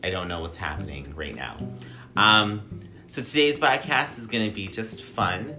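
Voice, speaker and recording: A man with a very deep voice hosts a casual podcast. He talks in a chatty, playful way and swears freely. Music plays clearly underneath. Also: lively intonation, unhurried, pushed and bright. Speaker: podcast host.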